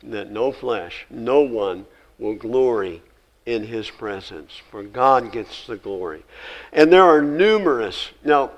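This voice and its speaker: A man delivers a sermon in a middle-pitched voice. He reads the old scripture with rising, emphatic force. Between readings he talks to his listeners in a plain, quiet, conversational way. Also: animated, takes it slowly, dull audio. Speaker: pastor.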